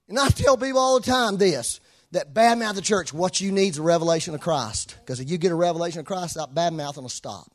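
A man preaching a sermon to a congregation in a room, emotional and passionate, swinging from soft talk to shouting. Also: high voice, lively intonation, quick pace, few pauses. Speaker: pastor.

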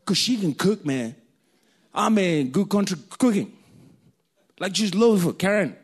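Lively high-voiced preacher. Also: male voice, unhurried, slightly rough. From Kenya. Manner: animated, jokey storytelling, laughs often. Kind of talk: sermon with comic personal stories.

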